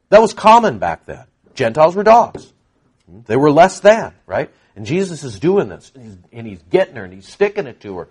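An animated male preacher working through scripture verse by verse. His pitch swings widely as he acts out the dialogue, and he fills the gaps with frequent fillers. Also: normal speed, slightly rough. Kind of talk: expository sermon.

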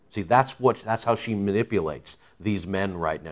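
A man's voice: fairly low pitch, normal speed, few pauses, fairly bright tone. A man preaching verse by verse, reading scripture aloud and then explaining it in a casual, conversational way. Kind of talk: verse-by-verse Bible teaching.

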